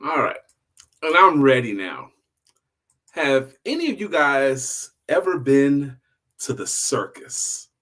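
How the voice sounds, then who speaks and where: An older man telling a children's story in an animated, playful way. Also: medium pitch, slow pace, long pauses. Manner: animated, playful, shouts exclamations.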